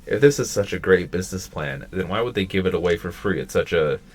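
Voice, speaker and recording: A firm, businesslike schoolgirl treasurer, exasperated by her clubmates, read by a man in nearly his own voice. The tone is low and husky with lively pitch. She keeps things precise and stern. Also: quick pace. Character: strict, serious schoolgirl treasurer.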